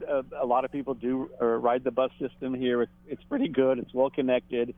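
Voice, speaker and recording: A man's voice: medium pitch, steady tone, fairly quick, no echo. Man on a tinny, dry phone line. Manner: conversational, chuckles often. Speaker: political editor. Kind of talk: radio analysis segment.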